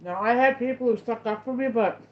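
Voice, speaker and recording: A woman's voice: fairly high pitch, a little fast. A woman hosting a casual chat with viewers, telling a story in a rambling way with many restarts. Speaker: host. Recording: dull lo-fi sound.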